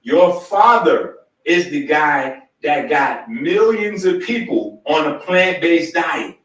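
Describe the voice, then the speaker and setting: A high-voiced man holds the floor, insisting on being heard and spelling out his points slowly and deliberately. The sound is roomy and echoey, picked up from some distance off the mic. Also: lively intonation, fairly bright tone. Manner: insistent, keeps cutting in to demand to be heard; slow, deliberate lecturing. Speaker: host. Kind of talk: heated argument, then lecturing.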